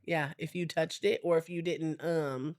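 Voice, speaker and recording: A woman, co-hosting a podcast, lively and teasing with quick comebacks. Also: deep voice, no echo, studio quality. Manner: animated, teasing, quick retorts. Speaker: podcast co-host. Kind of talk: casual chat.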